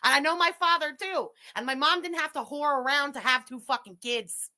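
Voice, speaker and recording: A woman with a high, sharp voice rants on a livestream. She throws out furious, profane insults. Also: brisk. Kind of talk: livestream rant.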